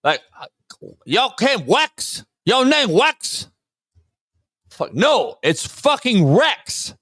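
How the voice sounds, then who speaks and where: A man's voice: extremely high pitch, sing-song, very slow, a bit bright, no echo, studio quality, voice pushed up, exaggerated voice. A man acting out an irate man whose name keeps getting misspelled, exasperated and profane, stretching his words out.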